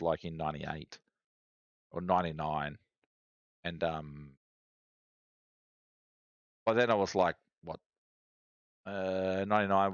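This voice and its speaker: A low-pitched Australian man in his forties chats loosely on a stream, wandering between thoughts with plenty of ums and restarts. The sound is dry and a little dull, as from a modest home setup. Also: fairly bright tone, no echo. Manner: rambling, chatty, many fillers and restarts. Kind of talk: casual stream chat.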